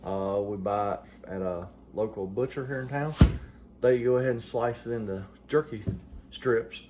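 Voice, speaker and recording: Against a noisy background, a middle-aged West Virginia man chats with his vlog viewers at a moderate pace in a lowish voice. He's folksy and jokey, using plenty of fillers.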